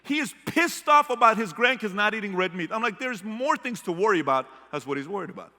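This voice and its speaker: A man from the Middle East giving a motivational keynote speech to a live audience, telling stories animatedly and swinging from hushed to loud. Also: sits high, fast. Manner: animated storyteller, shifts from hushed to shouting. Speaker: keynote speaker. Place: large hall with audience. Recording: long hall reverb.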